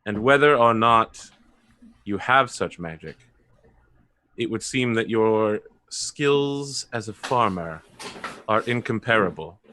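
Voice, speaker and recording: A man voicing a stately noble ruler who speaks in formal, measured, courtly sentences. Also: lowish voice, expressive, pushed and bright, heavily acted. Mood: gracious.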